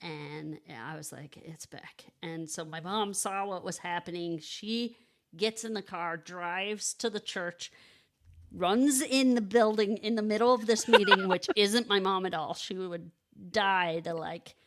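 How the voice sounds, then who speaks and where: A woman's voice: mid-range voice, a bit bright. A woman in her thirties on a podcast, telling her own story casually, with many restarts and "like"s. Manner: halting, restarts, frequent "like" and "you know".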